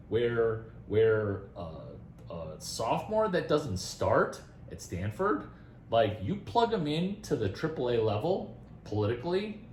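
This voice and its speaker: Man, slightly high voice, rambling and animated, echoey room with faint hum. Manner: rambling, animated, laughs often, restarts. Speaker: speaker giving career advice. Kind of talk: casual talk.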